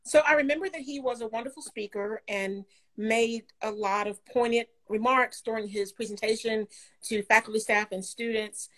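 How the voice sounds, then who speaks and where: A woman guest in a casual book chat, talking with a warm manner and frequent laughter. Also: on the high side, fairly even intonation, moderate pace, poor audio.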